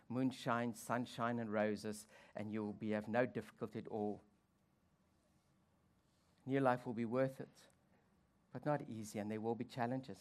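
A pastor delivers a sermon with wry humor and playful asides. The voice rises loud and high to drive points home, then sinks low and quiet for reflection.

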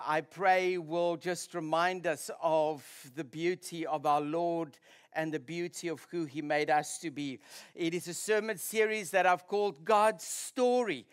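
A pastor preaching a sermon in church, restarting sentences now and then and sounding tired after little sleep. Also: male voice, high voice. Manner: warm-up chat before preaching, restarts mid-sentence. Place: church hall.

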